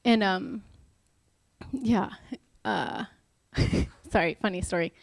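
A woman's voice: mid-range voice, slow, vocal fry, no room sound. A married woman giving a casual devotional talk, chatty and self-deprecating, acting out the lines she quotes. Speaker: Bible study speaker.

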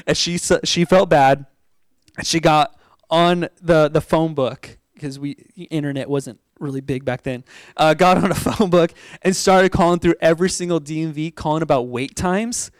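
A man from Oregon preaches through a personal story, animated and quick to laugh, acting out the people he quotes. His voice sits high and sounds smooth and resonant. The sound is close and dry. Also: no room sound. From Oregon, USA. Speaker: pastor. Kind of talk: storytelling sermon.

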